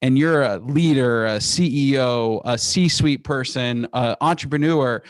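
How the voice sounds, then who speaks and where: A man's voice: medium pitch, dry recording. A man guest on an interview podcast, talking with energy and restarting phrases as he tells business stories. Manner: energetic, animated storytelling with quick restarts. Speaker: guest, company founder.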